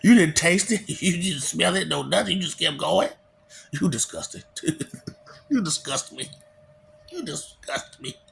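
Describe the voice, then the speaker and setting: A man's voice: a little high, measured pace, creaky, a bit bright. A man in a casual, preachy monologue, chuckling often and asking rhetorical questions. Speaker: vlogger.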